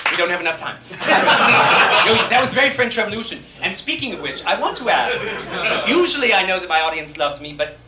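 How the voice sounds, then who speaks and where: A man's voice: high voice, big pitch swings, a little fast, over a noisy crowd, very noisy. A man performing a grand, catty drag lady persona, hosting live comedy before a theatre audience in a campy, mock-refined manner. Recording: fuzzy 1980s VHS air check, roomy and distant.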